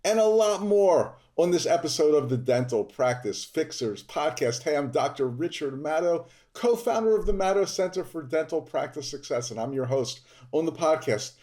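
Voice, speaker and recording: A man from Baltimore hosting a podcast, delivering an upbeat scripted monologue that stresses key words with sudden rises in pitch. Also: lively intonation, normal speed, few pauses, dark tone. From Baltimore, Maryland. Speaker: podcast host, dentist.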